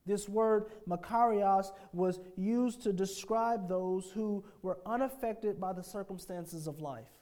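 A man, a pastor, preaching a sermon emphatically, asking his congregation rhetorical questions and swinging between hushed phrases and forceful declarations. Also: sits high, takes it slowly, hardly any pauses.

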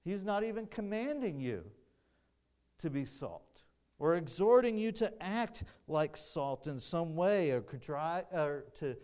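A slow-paced male pastor delivers a sermon in a deliberate, emphatic way. His voice sits a little higher than most men's. He often circles back and restarts his phrases as he builds a point. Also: very animated, a little mellow.

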